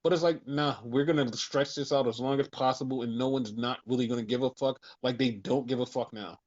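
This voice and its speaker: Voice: medium pitch, fairly even intonation, brisk. Profane ranting podcast co-host, dull audio. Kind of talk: casual wrestling review chat.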